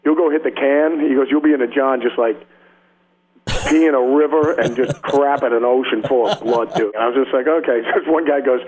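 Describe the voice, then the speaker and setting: A man's voice: mid-range voice, steady tone, fairly quick, darkish tone. A man telling rambling stories in a casual radio interview, heavy on slang, laughing often and acting out the people in them. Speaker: rock guitarist guest. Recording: slightly dull radio audio.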